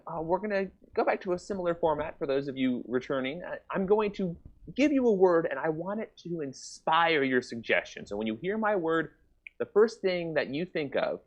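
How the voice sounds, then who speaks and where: A man's voice: fairly high pitch, lo-fi sound. Upbeat man hosting an improv stream. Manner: upbeat, chatty, warmly addressing viewers. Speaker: improv show host. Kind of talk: live-stream show introduction.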